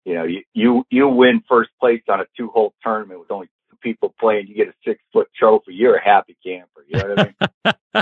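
Husky man telling a story over a tinny line. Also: lowish voice, fairly quick, no room sound. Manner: animated, acts out quoted voices. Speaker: storyteller guest. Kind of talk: casual anecdote telling. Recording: tinny phone-like sound.

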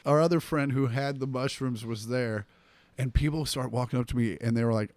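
A man's voice: medium pitch, fairly quick, dry recording. A middle-aged male comedian telling stories in casual podcast chat, acting out the voices of the people in them. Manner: animated storyteller acting out quotes.

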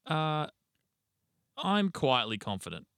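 A man's voice: fairly high pitch, very animated, slow pace, fairly bright tone, clean tone, dry recording, clean studio sound. A young man, co-hosting a casual sports podcast and rambling through team news with casual swearing. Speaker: podcast co-host.

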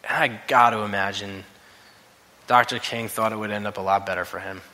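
A man preaching a sermon, telling stories and rising to loud, emphatic quotes. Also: fairly low pitch, steady tone, fairly quick. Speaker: pastor. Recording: long reverb of a hall.

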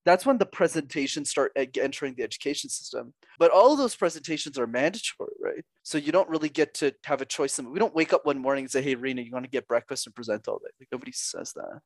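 Lively young man, upbeat and laughing. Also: a little high, fast, hardly any pauses, no echo. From Montreal, Canada. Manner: upbeat, laughs often, acts out quoted voices. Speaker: guest, public speaking coach. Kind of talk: casual podcast interview.

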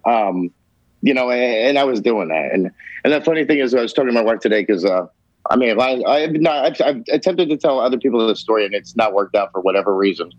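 A medium-pitched man talks quickly and with animation, telling a rambling personal story on a podcast with lots of emphasis and free swearing. The tone is casual storytelling, and the dry recording has a dull, lo-fi podcast quality.

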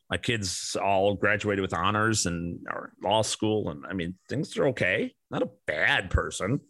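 A man's voice: on the low side, sharp tone, dry recording. Blunt, profane man ranting hard. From American Midwest. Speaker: podcast host. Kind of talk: ranting monologue.

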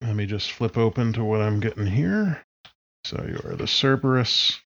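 A man acting as game master, explaining rules and setting up a tabletop game in a relaxed way. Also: on the low side, moderate pace, vocal fry, highs cut off.

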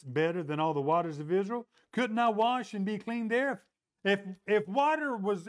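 A man preaching a sermon, retelling a story and acting out the voices in quotes. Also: high voice. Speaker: pastor.

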